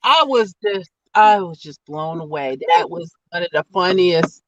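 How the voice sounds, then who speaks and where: A woman gossiping in a casual chat, telling an animated story, swearing and laughing often. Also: fairly low pitch, a little slow, no room sound, muffled recording.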